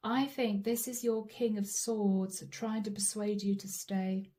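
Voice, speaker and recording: A woman's voice: mid-range voice, steady tone, unhurried, warm tone. Chatty woman doing a tarot reading. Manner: chatty, dramatic, acts out quotes. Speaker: tarot reader.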